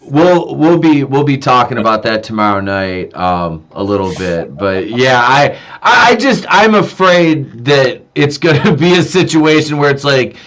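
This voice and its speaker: A man joins a podcast over a video call and chats in a loose, rambling way, often laughing and restarting. His voice sits at an everyday middle pitch. The call audio sounds dull and lo-fi. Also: sing-song, a little slow, hardly any pauses, a bit bright. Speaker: podcast guest. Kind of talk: casual chat.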